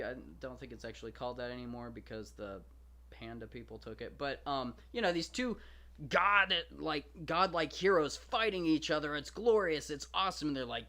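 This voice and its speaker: A young man with a fairly high voice gives lively, jokey commentary on a classic epic. He paraphrases the characters in slangy quoted voices, and his pitch swings widely from low asides to excited peaks. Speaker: podcast host reading and discussing a classic epic. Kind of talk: casual commentary.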